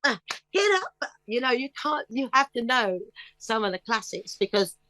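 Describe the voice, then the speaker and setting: A woman's voice: fairly high pitch, moderate pace, a little hiss or hum. A woman in her fifties, a singer, telling stories from her life in a casual interview. She acts out other voices and breaks into snatches of song. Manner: animated storyteller who acts out voices and sings snatches of songs.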